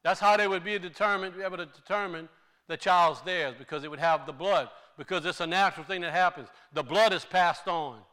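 Man, preacher, high bright voice, smooth, deliberate sermon teaching. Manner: slow, deliberate teaching with emphatic rises.

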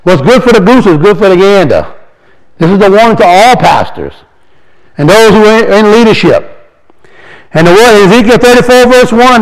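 Guy with a pretty high voice preaching to the church, reads verses out slow, keeps asking the room questions. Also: lively intonation, rough recording. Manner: earnest and exhorting, reads verses slowly, asks the audience questions. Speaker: lay speaker addressing a congregation. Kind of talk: informal sermon with scripture reading.

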